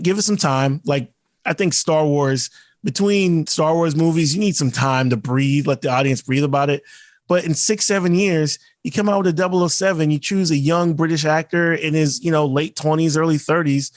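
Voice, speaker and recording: A man's voice: fairly high pitch, no echo, studio quality. Rambling, cursing podcast guy. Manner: rambling, profane, frequent restarts. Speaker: podcast co-host. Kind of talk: casual chat.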